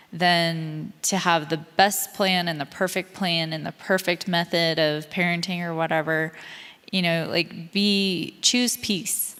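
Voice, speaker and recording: A woman speaks slowly and earnestly, her voice smooth and a little low. She leans on small fillers as she gathers her thoughts. A long reverb trails after her words, as if she is speaking in a large hall. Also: a bit bright. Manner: earnest and unhurried, with frequent fillers. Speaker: marriage and parenting speaker. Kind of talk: casual talk answering audience questions.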